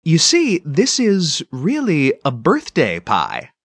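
A man's voice: on the high side, wildly swooping pitch, slow pace, fairly bright tone, husky, no echo, exaggerated voice. Man doing a firm, teasing mother.

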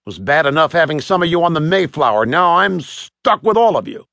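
A man's voice: a little high, wildly swooping pitch, moderate pace, creaky, a bit bright, no room sound, clean studio sound, heavily acted. A man voicing a hateful, sneering adult sailor in a children's audiobook, with taunting, scornful delivery. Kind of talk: audiobook character voice.

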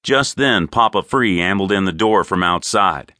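A man narrating an audiobook in an expressive, crisp storytelling manner. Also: sits low, moderate pace, no room sound, studio quality. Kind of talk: scripted narration.

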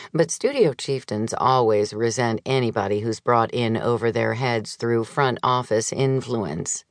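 A woman narrating a memoir audiobook in a measured, wry storytelling manner, recorded close on a studio mic. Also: rumbling low, no room sound.

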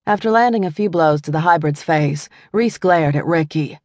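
A woman narrating an audiobook in a scripted, expressive reading, voicing each character in the dialogue. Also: sits low, normal speed, dry recording, studio quality.

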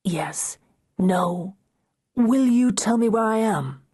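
A woman's voice: a little high, animated, slow pace, warm tone, husky, voice pushed up, full character voice. A woman narrating an audiobook, voicing a shipwrecked male sea captain who asks earnest, searching questions. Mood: questioning.

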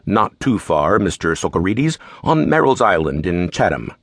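A man voicing a polite, formal Englishman who works as a gentleman's secretary, with an English accent. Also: low-pitched, big pitch swings, moderate pace, no echo, studio quality, full character voice. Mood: courteous.

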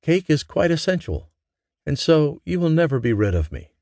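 Cheeky young woman seamstress, voiced by a man, lively and bright in tone. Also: on the high side, moderate pace, dry recording, clean studio sound, voice pushed up.

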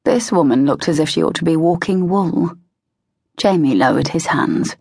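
A woman narrating an audiobook in a measured, expressive way, close to a studio mic. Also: deep voice, creaky, husky, dry recording. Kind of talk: scripted narration of a historical romance.

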